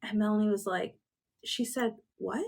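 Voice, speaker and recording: A woman's voice: mid-range voice, moderate pace, pushed and bright. A woman with a Canadian accent co-hosting a podcast, telling a story in casual chat and acting out quotes with laughter. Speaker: podcast co-host.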